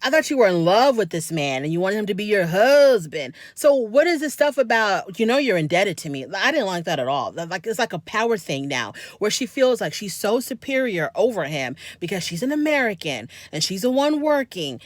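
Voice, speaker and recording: A woman's voice: mid-range voice, big pitch swings, a little fast, few pauses. A woman with a mid-range voice gives a casual recap of a reality TV show. She is chatty and opinionated and speaks straight to her audience. The sound is close and dry, with no room echo. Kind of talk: casual commentary.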